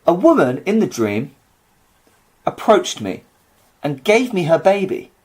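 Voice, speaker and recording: A man's voice: high-pitched, very animated, a little slow, darkish tone. A young man co-hosting a podcast, rambling through a story with casual chat. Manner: rambling storytelling with fillers and restarts. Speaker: podcast co-host.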